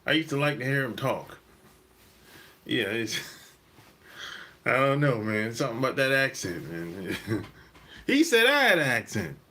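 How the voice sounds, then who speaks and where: Bright-voiced man musing casually. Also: medium pitch, measured pace, pauses often. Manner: relaxed, rambling, repeats himself, laughs often. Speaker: dating advice host. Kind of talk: casual monologue.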